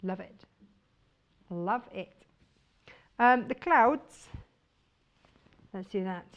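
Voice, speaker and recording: A woman's voice: mid-range voice, lively intonation, very slow, dull audio. A woman presenting fabrics on a shopping channel, chatty and enthusiastic. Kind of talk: chatty live sales presentation.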